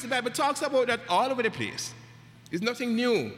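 A man's voice: very high voice, big pitch swings, fairly quick, fairly bright tone. A man preaching a Bible study, emphatic and repetitive, asking the congregation questions as he teaches. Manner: emphatic, repeats phrases, asks the congregation questions. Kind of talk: sermon-style Bible teaching. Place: church hall. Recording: echoey hall with long reverb.

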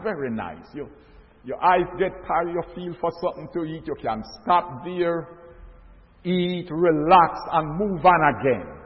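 An older man preaching a sermon, telling a story slowly and rising to loud, emphatic stresses. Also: fairly high pitch. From Jamaica. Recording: echoey hall, dull lo-fi sound.

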